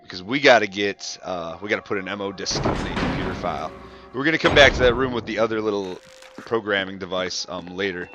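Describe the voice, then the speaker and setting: A man's voice: low voice, quick pace. A man giving casual, chatty walkthrough commentary, joking at his own expense and swearing when startled. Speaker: gameplay commentator. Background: game music.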